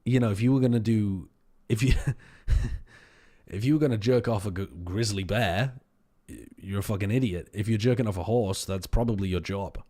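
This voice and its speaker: A man's voice: on the low side, moderate pace, warm tone. A man hosting a casual stream, rambling and joking crudely with guests. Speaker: stream host reviewing match recordings. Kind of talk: casual chat.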